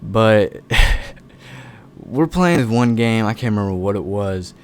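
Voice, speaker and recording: A man's voice: on the low side, expressive, slow, a little hiss or hum. A young man casually telling a long personal story, laid-back and rambling, with lots of swearing.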